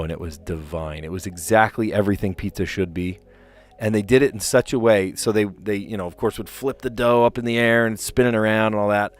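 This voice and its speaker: A man casually chatting on a live stream, reading puzzle clues aloud and rambling to his viewers. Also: fairly low pitch. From New Jersey.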